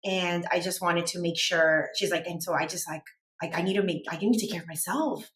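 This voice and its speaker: A woman's voice: on the low side, a little fast, a bit bright. Rambling storyteller woman in an echoey room. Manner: rambling, heavy use of "like". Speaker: podcast team member telling a story. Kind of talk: casual chat storytelling.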